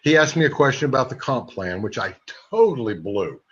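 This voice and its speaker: A man in his sixties giving a sales training talk, a lively storyteller who throws quick asides to his audience. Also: medium pitch. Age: 60s. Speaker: network marketing trainer. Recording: dull lo-fi recording.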